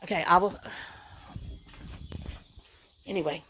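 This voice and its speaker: A woman's voice: fairly low pitch, steady tone, slow, fairly bright tone, slight background noise. A middle-aged woman, chatting casually to camera outdoors, worn out from work in the heat, sighing and rambling with lots of fillers. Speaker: vlogger. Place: outdoors on rural property.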